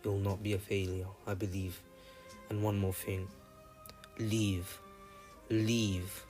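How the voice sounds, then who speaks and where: Tender older brother ninja, earnest, low voice, as a man reads him, faint music. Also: little pitch movement, slow pace. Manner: earnest, tender, repeats goodbyes. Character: loving older brother ninja saying farewell.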